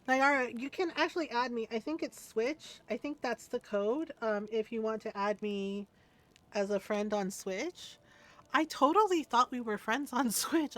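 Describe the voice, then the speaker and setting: A woman's voice: fairly high pitch, animated, unhurried, a bit bright. A woman streamer chatting candidly over gameplay, laughing often and swearing casually.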